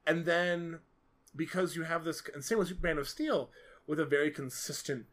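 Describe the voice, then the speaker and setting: A man's voice: fairly high pitch, moderate pace, fairly bright tone. A man co-hosting a podcast, talking about movies in a casual, rambling way, with many fillers and lots of animation. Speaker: podcast co-host. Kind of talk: casual film discussion.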